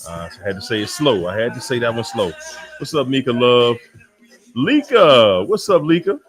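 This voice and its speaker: A man's voice: mid-range voice, big pitch swings, moderate pace. A man hosting a casual livestream call-in show, greeting viewers by name and laughing often. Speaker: livestream host. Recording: faint music behind.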